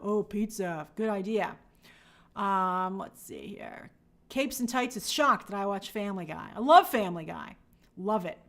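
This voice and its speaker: An upbeat woman runs a casual livestream, chatting and reading viewer comments aloud. Her mid-range voice has a sing-song lilt and a fairly bright tone, and she speaks a little slowly.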